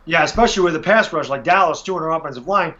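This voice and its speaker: Excitable man on a dull lo-fi mic. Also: fairly high pitch, fast. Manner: frustrated, animated, acts out fans and coaches. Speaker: sports podcast host. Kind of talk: casual sports chat. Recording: dull lo-fi audio.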